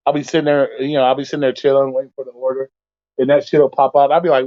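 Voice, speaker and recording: A man's voice: medium pitch, steady tone, rapid-fire, no echo. A blunt man holds forth in a loose, profane rant as host of an open call-in stream. His voice comes through a thin, phone-like line. The sound is dry and close, with no room around it. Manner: blunt, swears constantly, rants. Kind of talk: casual profane chat.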